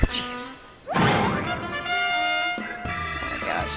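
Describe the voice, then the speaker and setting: Giggly woman narrating a game slowly. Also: on the low side, music in the background. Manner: laughs often, swears, describes scenes excitedly. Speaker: let's play host narrating a game for blind viewers.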